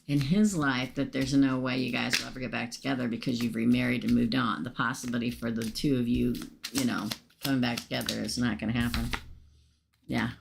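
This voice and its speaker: A woman's voice: very deep voice, vocal fry, background noise. A woman doing a casual live tarot reading, naming cards and chatting with viewers about their questions. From United States. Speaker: tarot reader.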